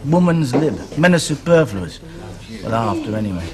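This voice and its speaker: A rueful, self-mocking bloke, as an actor plays him in a soap opera. His voice sits at an ordinary pitch, and his talk is wry and plainspoken. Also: big pitch swings, moderate pace, crowd noise, close to an everyday voice.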